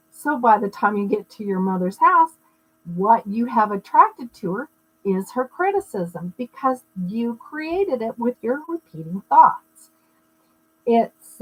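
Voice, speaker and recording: A woman's voice: fairly high pitch, poor audio. A middle-aged woman giving a live-streamed teaching talk on personal growth, explaining in a conversational way with personal anecdotes and asides to viewers. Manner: greets viewers mid-talk. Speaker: spiritual wellness teacher.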